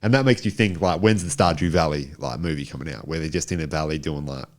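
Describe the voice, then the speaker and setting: Deep-voiced South Australian man chatting. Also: fast. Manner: rambling, laughs often. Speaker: podcast co-host. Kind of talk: casual chat.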